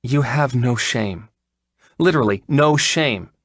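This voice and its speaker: A man voicing a prim, exasperated young woman doctor in an audiobook, with a crisp, scolding manner. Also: medium pitch, lively intonation, moderate pace, no echo, studio quality, voice pushed up, lightly acted. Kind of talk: audiobook character reading.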